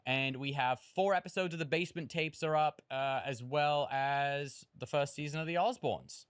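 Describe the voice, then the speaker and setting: A man's voice: on the high side, moderate pace, fairly bright tone, a little hiss or hum. A man co-hosting a family podcast, joking and rambling through plugs and chat. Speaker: podcast co-host.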